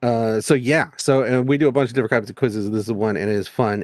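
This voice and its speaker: A man's voice: mid-range voice, fairly even intonation, a little mellow, dry recording, clean studio sound. A man co-hosting a podcast in casual chat, telling stories with a playful, rambling manner. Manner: playful, rambling storytelling with quick jokes. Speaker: podcast co-host.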